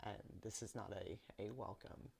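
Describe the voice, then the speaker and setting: A psychic medium on an investigation narrates a paranormal walkthrough of a church basement, describing presences she or he senses. The voice is low, steady, creaky and somewhat dark, at a normal speed, and the talk rambles uneasily with lots of fillers.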